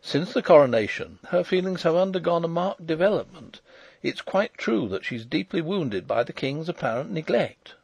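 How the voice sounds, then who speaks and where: An eager young nobleman and loyal friend speaks earnestly in a raised, lively voice that swoops up and down, as a male reader puts him on. There is a gravelly, husky edge, and the recording is dry. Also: on the high side, normal speed, dry recording, pitched above the performer's own voice, exaggerated voice. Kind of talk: audiobook character reading.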